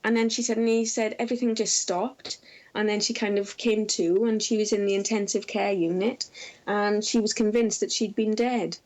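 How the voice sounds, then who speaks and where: A woman in middle age talks through case stories from her research in an interview. Her delivery is measured and gentle, with small fillers as she gathers her thoughts. Her voice sits at an ordinary middle pitch. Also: fairly even intonation, poor audio. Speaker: researcher and former intensive care nurse.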